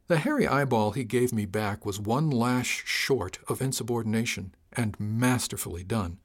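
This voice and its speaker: A man narrates a novel in first person at an ordinary pitch and a measured pace. His reading is wry and steady throughout. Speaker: audiobook narrator.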